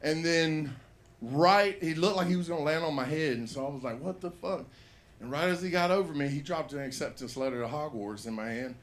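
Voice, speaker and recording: A man's voice: fairly high pitch, fairly quick. A man telling a rambling, profane stand-up story at an open mic in a comedy bar.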